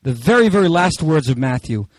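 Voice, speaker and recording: A man preaching a sermon with passion, swinging between raised, shouted lines and hushed asides. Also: on the high side, big pitch swings, brisk, no room sound, poor audio. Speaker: pastor.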